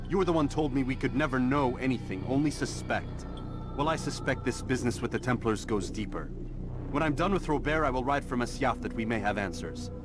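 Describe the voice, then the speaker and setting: A man's voice: mid-range voice, lightly acted. A man voicing a grim, resolute assassin. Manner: firm, commanding. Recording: game cutscene with loud music.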